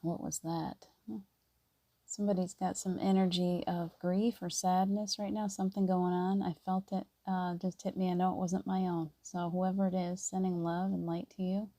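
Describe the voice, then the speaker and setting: A middle-aged woman speaks softly and earnestly to her live-stream viewers, greeting them by name as she goes. Her voice sits low and mellow with a flat, steady melody. The recording is dry and close. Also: normal speed, dry recording. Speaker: spiritual live-stream host. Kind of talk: casual spiritual live-stream talk.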